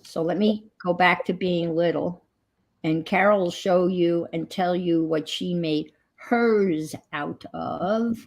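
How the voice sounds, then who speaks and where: A woman's voice: fairly low pitch, slow. Chatty woman hosting a crafting stream. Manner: chatty, rambling. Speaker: crafting livestream host. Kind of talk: casual chat. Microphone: computer mic on a livestream.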